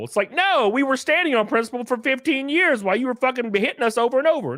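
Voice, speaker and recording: Animated, profane man streaming live. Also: very high voice, quick pace, hardly any pauses, dry recording, clean studio sound. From California. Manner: profane, laughing, acts out other people's voices. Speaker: livestream host. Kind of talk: casual livestream commentary reading chat.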